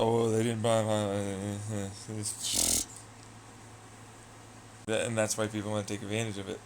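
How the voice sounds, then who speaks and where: A man's voice: lowish voice, expressive, normal speed, creaky, pauses often, a little hiss or hum. A man streaming live, chatting loosely with viewers, swearing and trailing off into asides. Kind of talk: casual rambling chat.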